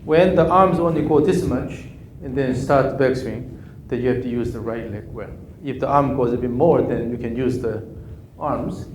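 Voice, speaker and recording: A native Korean speaker coaches a golf student live, giving clipped instructions and repeating counting cues. His mid-range voice is a little mellow and moves at a moderate pace with hardly any pauses. The recording is from an echoey room with faint ambience and a little hiss or hum.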